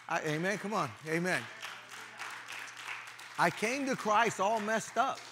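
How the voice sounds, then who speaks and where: A middle-aged male pastor giving a sermon in a casual, conversational way, with his volume swinging from loud to hushed. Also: on the high side. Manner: casual, conversational, peppered with "you know".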